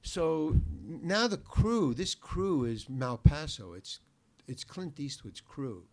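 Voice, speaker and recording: An older man, a podcast guest, telling a long anecdote in an animated, profane, self-deprecating way. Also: a little high, slow. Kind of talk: anecdotal storytelling in a podcast interview.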